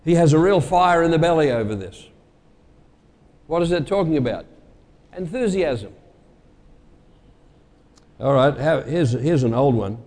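A man's voice: fairly high pitch, lively intonation, measured pace, long pauses, a little mellow, big-room sound. A male preacher giving a conversational sermon and quizzing his congregation with everyday sayings.

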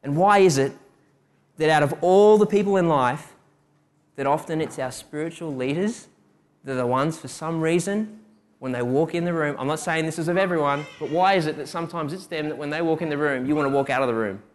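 A man's voice: a little high, brisk. A young man preaching a sermon, telling personal stories and asking rhetorical questions. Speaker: preacher giving a testimony.

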